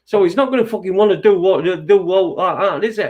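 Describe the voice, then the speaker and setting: A man's voice: high-pitched, a little fast, dull audio. Sweary ranting man. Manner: sweary, agitated, rambling with many restarts. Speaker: internet radio host. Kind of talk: ranting monologue.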